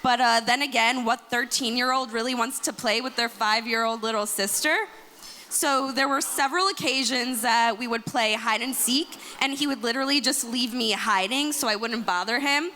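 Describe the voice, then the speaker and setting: Bright-voiced young woman giving a toast. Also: fairly high pitch, moderate pace, slight background noise. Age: 20s. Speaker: sister of the groom giving a toast. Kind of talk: wedding toast speech. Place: wedding reception hall. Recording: echoey hall with faint ambience.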